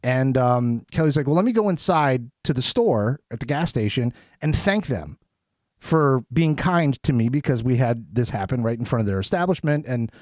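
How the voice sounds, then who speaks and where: A man co-hosting a casual podcast chat, telling a story in an animated way and acting out what people said in a raised voice. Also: medium pitch, normal speed, no echo, studio quality. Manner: animated, acts out quotes in a raised voice. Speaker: podcast co-host. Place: studio.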